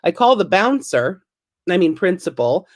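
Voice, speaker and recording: A woman's voice: lowish voice, big pitch swings, moderate pace. A woman in her thirties doing a stand-up comedy set, wry and self-deprecating, with punchy delivery.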